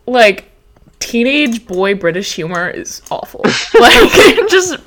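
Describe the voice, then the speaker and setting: A young woman from Texas hosts a relaxed podcast conversation and slides easily into long, winding stories. Her pitch rises and falls a great deal as she talks, and she breaks into laughter often. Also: slow pace. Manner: rambling storyteller, laughs often. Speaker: podcast host. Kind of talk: casual chat.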